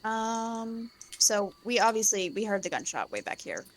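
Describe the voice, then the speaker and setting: A woman's voice: mid-range voice, big pitch swings, measured pace. A woman playing a tabletop game, describing her character's actions hesitantly with many fillers. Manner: hesitant, lots of ums and likes. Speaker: player. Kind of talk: casual tabletop play.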